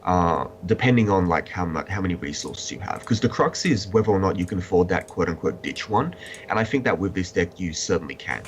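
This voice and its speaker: A man's voice: deep voice, animated, brisk, slight background noise. A man reviewing trading cards in casual chat, blunt and opinionated with a dry sense of humor. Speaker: card game reviewer.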